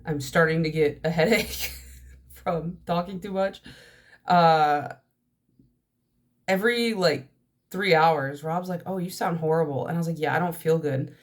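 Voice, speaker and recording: A young nail polish vlogger rambles nonstop to her camera in chatty, stream-of-consciousness talk, her voice stuffy and nasal from allergies. It sits low, unhurried, with frequent pauses.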